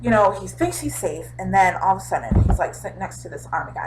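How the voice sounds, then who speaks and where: A young woman casually recapping a TV episode in a chatty, animated way, throwing in sound effects. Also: medium pitch, quick pace, background noise. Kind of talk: casual chat.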